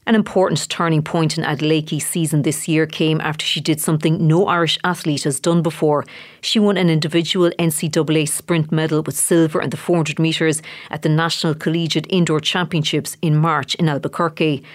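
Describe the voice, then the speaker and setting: A reporter narrating a scripted sports feature in a measured news voice-over. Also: medium pitch, flat delivery. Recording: voice-over with faint music.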